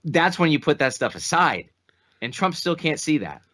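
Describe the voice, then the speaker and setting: A man co-hosting a casual political podcast, speaking in a measured, earnest way. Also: fairly high pitch, very animated, a bit bright. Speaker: podcast co-host.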